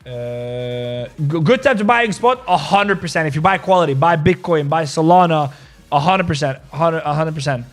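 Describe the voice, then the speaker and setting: A man hosting a casual live-stream about crypto trades, excitable and repetitive. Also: a little high, moderate pace, soft background music. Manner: excitable, repeats himself, calls people bro.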